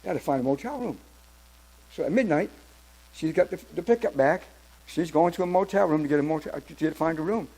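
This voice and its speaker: A man in his seventies telling his personal testimony at church, in a halting storytelling way with many restarts. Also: a little high, dark tone, rough recording. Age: 70s. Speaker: church member giving testimony.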